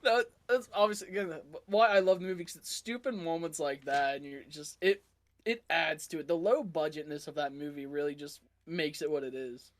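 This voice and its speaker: A woman's voice: deep voice, brisk. A woman co-hosting a podcast, chatting animatedly about horror films and laughing often. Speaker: podcast co-host. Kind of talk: casual film discussion.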